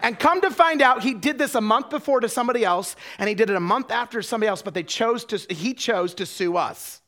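High-voiced man preaching with animated questions. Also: fast. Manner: animated storytelling with rhetorical questions to the congregation; repeats words when starting sentences. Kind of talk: sermon.

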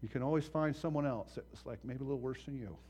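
A man preaching a sermon as pastor, impassioned and swinging from hushed to loud, acting out voices in his stories. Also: mid-range voice, quick pace, a little hiss or hum.

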